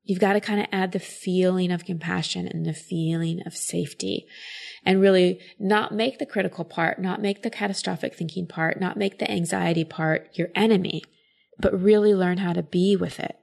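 A woman's voice: lowish voice, fairly even intonation, moderate pace, creaky, a little mellow. A woman coach giving advice in a casual chat, explaining thoughtfully with frequent filler words.

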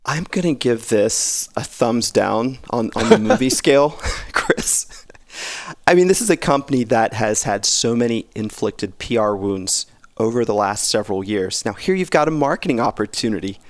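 A man's voice: mid-range voice, expressive, normal speed, no echo. A man in a casual podcast chat, commenting in a wry, joking way and laughing often.

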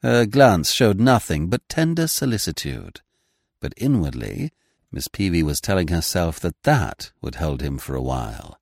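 Low-voiced man narrating with lively swings. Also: vocal fry, dry recording, clean studio sound. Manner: measured, expressive storytelling. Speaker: audiobook reader. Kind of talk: scripted narration of a classic comic novel.

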